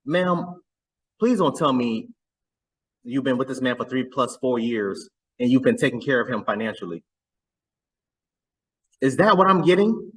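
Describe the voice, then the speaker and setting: A man's voice: medium pitch, lively intonation, measured pace, pauses often, breathy edge, poor audio. A man hosting a reaction video, chatting casually and often repeating words as he stumbles through his thoughts.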